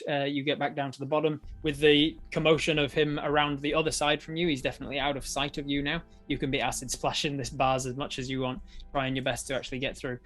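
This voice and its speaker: Aussie dm guy running a stream game, rambly, laughs a lot, bit of music in the back. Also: fairly high pitch. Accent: Australian. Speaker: dungeon master. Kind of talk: game narration for a live stream.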